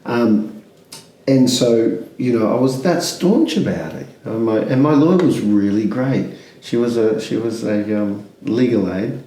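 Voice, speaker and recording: A man's voice: on the low side, expressive, a little slow, mellow, roomy sound, poor audio. A man, speaking candidly as an interview guest, rambling with many restarts and fillers.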